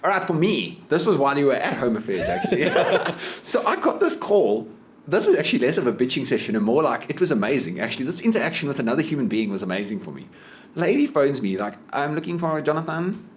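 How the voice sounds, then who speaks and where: Animated South African man telling stories. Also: medium pitch, fast, slight background noise. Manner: animated storyteller, laughs often, mimics people. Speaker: podcast co-host. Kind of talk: casual chat.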